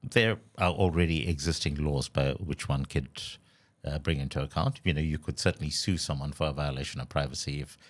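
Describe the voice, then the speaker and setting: A man co-hosting a political podcast, arguing in a measured, formal and deliberate way. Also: extremely low pitch. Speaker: podcast co-host. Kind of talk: casual political discussion.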